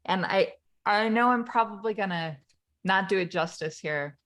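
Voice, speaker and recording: A woman who is a parent co-hosts a podcast, rambling through a casual retelling of a film scene with frequent laughs and restarts. Her voice is medium-pitched and fairly bright, at a normal speed.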